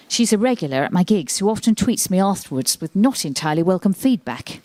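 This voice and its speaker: A woman's voice: medium pitch, big pitch swings, fast talker, few pauses, mellow, no echo. A woman in her forties doing a self-deprecating stand-up set into a handheld mic, slipping into little acted asides. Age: 40s. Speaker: stand-up comedian. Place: library set up as a TV studio. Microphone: handheld microphone.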